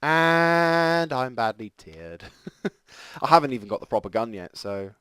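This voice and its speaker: A man giving rambling, self-deprecating live commentary over a tank game, with sudden excited outbursts. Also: mid-range voice, measured pace, smooth, no room sound. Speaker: gameplay commentator. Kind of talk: casual live gameplay commentary.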